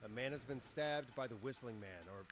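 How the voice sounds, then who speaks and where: A steady late-night radio DJ, voiced by a man for a video game. He keeps an even on-air delivery at an ordinary pitch. The game audio carries a clear hiss underneath. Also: a little fast, close to an everyday voice. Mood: urgent.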